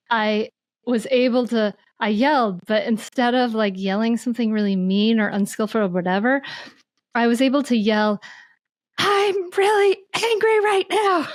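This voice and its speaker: A woman speaks as a podcast guest, teaching about mindful parenting. Her delivery is animated and searching, with frequent restarts as she thinks aloud. The voice sits mid-range and the recording is close and dry. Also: mid-range voice, no room sound. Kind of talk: conversational podcast interview.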